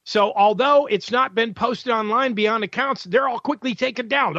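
Radio host guy ranting, sarcastic, pitched high, dry close mic. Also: normal speed, pushed and bright, dry recording, muffled recording. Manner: combative, sarcastic, with rhetorical questions. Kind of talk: opinionated radio monologue.

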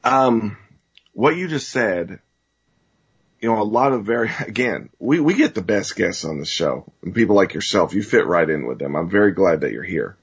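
A man hosting a talk show interview, excitable and quick to exclaim. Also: lowish voice, husky. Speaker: host. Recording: muffled lo-fi audio.

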